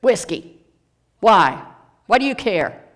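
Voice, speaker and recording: A minister voicing a big, burly drunk man who speaks gruffly and belligerently. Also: medium pitch, level tone, unhurried, close to an everyday voice.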